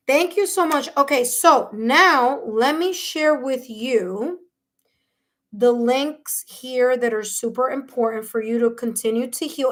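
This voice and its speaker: A woman hosting a live tarot reading, talking effusively to viewers and gasping and exclaiming as she reads their replies. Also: high voice. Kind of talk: live-stream chat, reading viewer comments aloud.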